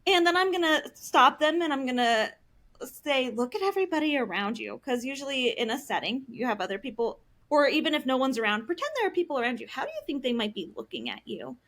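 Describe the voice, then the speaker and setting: A woman's voice: high voice, expressive, quick pace, a bit bright. A woman counselor in a casual podcast conversation, explaining parenting strategies with acted-out examples and frequent fillers. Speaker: licensed professional counselor, podcast guest.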